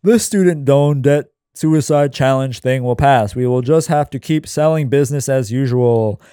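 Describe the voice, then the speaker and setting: A man voicing a calm, scheming woman university president as he reads a screenplay aloud. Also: medium pitch, normal speed, clear, resonant tone, no echo, studio quality, close to an everyday voice.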